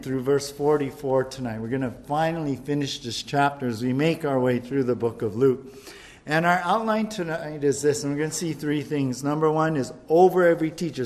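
A male pastor leading a verse-by-verse Bible study in a church, preaching in a lively, conversational way with jokes. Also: on the high side.

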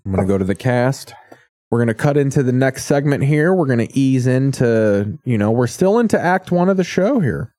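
A man's voice: mid-range voice, lively intonation, normal speed, warm tone, no echo. A man hosting a comedy podcast, crude and rambling in his banter. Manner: profane, rambling. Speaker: podcast host.

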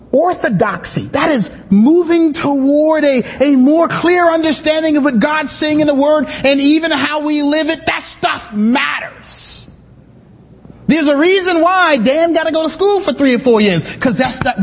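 A male pastor preaching a sermon in a church, conversational and animated, with asides and sudden shouts. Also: very high voice, long reverb tail. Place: church sanctuary.

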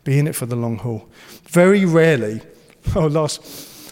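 A man's voice: fairly high pitch, lively intonation, unhurried, darkish tone, in a large hall. A man preaching a sermon, earnest and encouraging, and he slips into playful banter. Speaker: pastor.

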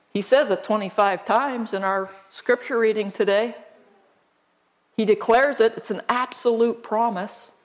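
A woman pastor preaching a sermon, reading scripture aloud in a deliberate, emphatic way. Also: fairly high pitch.

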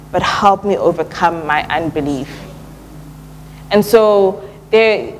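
A young woman preaching a relaxed, conversational sermon at church, often pausing with "um" and dropping in casual slang. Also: on the low side, a little hiss or hum, low-quality recording. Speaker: church speaker.

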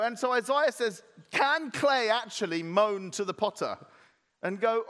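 A man preaching a sermon as pastor, animated, acting out playful voices in his retelling. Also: sits high, measured pace, in a large hall. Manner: animated, acts out voices of clay and potter.

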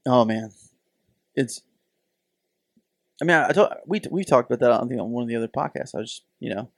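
A man's voice: mid-range voice, brisk, vocal fry, dry recording, studio quality. A middle-aged man co-hosting a podcast in casual chat, telling stories animatedly and acting out the voices. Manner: animated storytelling, acts out voices. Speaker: podcast co-host.

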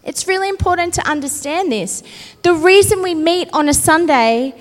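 A woman's voice: very high voice, lively intonation, moderate pace. A woman pastor preaching a sermon and reading scripture, earnest and often checking in with her listeners. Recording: long reverb of a large hall.

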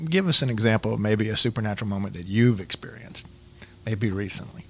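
A man's voice: on the low side, steady tone, fast, bright, forceful tone, slightly rough. A man hosting a faith podcast, asking questions and closing the show in an encouraging way. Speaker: podcast host. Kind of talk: casual interview hosting.

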